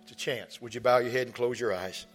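A man, preaching a sermon as pastor. He tells stories and rises to impassioned shouts. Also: medium pitch, fast talker. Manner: storytelling, rising to impassioned shouts. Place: large church hall. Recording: reverberant church hall with soft music.

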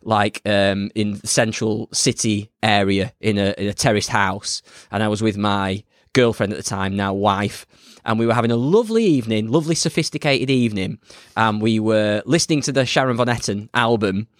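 A man's voice: lowish voice, moderate pace, dry recording, studio quality. A man co-hosting a music podcast in casual chat, telling stories in a playful, chatty way. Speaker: podcast co-host.

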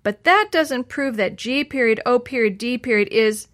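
A woman's voice: a little high, normal speed, a bit bright, lightly acted. A woman voicing a stubborn, doubting schoolgirl who argues insistently. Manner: insistent, arguing.

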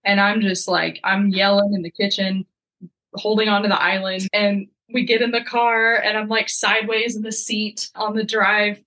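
A young woman with a bright, forward voice, sharing a story in a relaxed and chatty way. She keeps things lively and plays out other people's dialogue as she talks. Her voice sits at an average pitch for a woman. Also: moderate pace, low-quality recording. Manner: lively, acts out quoted dialogue. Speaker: podcast guest. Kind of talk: casual storytelling.

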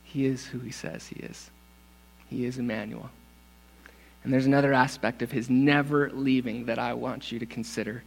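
A man's voice: medium pitch, fairly even intonation, normal speed, creaky. A male pastor preaching a sermon, emphatic and repeating words for stress, calling for responses. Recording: long hall reverb.

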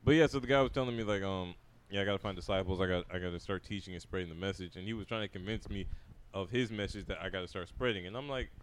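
A man's voice: sits low, slight background noise. A young man casually telling a story to friends on a podcast, acting out the people he quotes. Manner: fast, animated anecdote telling with quoted dialogue. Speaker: podcast co-host.

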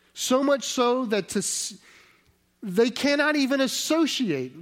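High-voiced man preaching a sermon. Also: a bit bright. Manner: conversational, asks the audience rhetorical questions; restarts and self-corrections mid-sentence.

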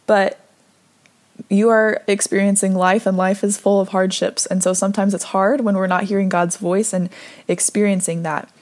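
With a mid-range voice, a woman leads a conversational devotional, weaving scripture readings in among her own reflections in an earnest, gently encouraging way.

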